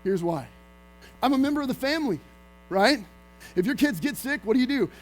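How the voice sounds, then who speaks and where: A male pastor preaching a sermon to his church, telling a lively family story with acted-out quotes. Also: very high voice, fairly quick, poor audio. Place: church sanctuary.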